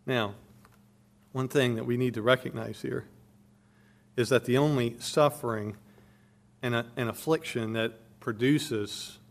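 A man's voice: medium pitch, steady tone, a little slow, creaky, pauses often. A man preaching a sermon, expounding a passage with emphatic stress, his volume rising and falling.

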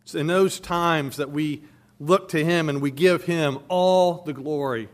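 Emphatic, fairly high-voiced male preacher. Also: unhurried. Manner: emphatic, rising and falling in volume for stress. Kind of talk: sermon.

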